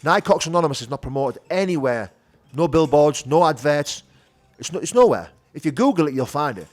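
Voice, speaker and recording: Fast-talking man. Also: fairly high pitch, lively intonation. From North of England. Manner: rapid, frank, full of "you know" and "do you know what I mean". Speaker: podcast guest. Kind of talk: candid conversational storytelling.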